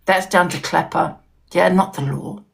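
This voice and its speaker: Gravelly woman, heated and emphatic. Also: fairly low pitch, fairly even intonation, normal speed. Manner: emphatic and heated, repeating herself. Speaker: interview guest. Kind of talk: casual chat on a live stream.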